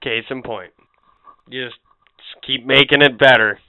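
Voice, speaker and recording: A man's voice: mid-range voice, steady tone, measured pace, clear, resonant tone, no echo, phone-quality sound. A man co-hosting a casual podcast, telling stories in crude, joking banter. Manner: profane, jokey storyteller. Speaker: podcast co-host.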